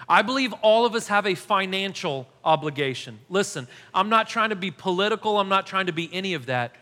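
A male pastor in his thirties preaching a sermon, telling a story with animated, self-deprecating humor. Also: high-pitched. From United States. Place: church hall. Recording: long hall reverb.

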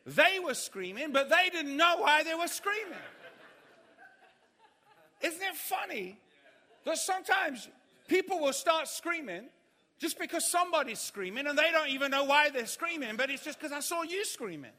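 A man preaching a sermon, telling a funny story and acting out the panic of others in shouts. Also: very high-pitched, expressive, normal speed. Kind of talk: sermon with humorous anecdote. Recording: hall reverb.

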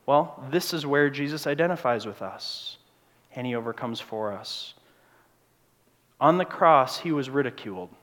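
A pastor preaching a sermon in a church, moving between loud, urgent passages and quiet, hushed ones. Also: male voice, a little high, normal speed. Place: church sanctuary. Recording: long church reverb.

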